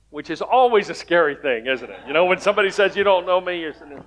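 A man's voice: on the high side, animated, fast talker, a bit bright, lo-fi sound. A man preaching a sermon as pastor, telling stories in a conversational way and rising to emphatic points.

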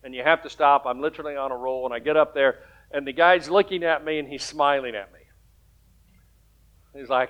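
A man's voice: mid-range voice, fairly even intonation, a little fast, long pauses, highs cut off. A man preaching a sermon as pastor, telling stories in a conversational way and rising to emphatic points.

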